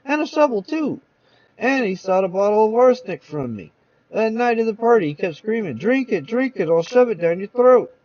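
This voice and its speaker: A man's voice: high voice, animated, normal speed, darkish tone, no room sound, dull audio, pitched above the performer's own voice. A man voicing an agitated male druggist giving accusing testimony. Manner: agitated, rising exclamations.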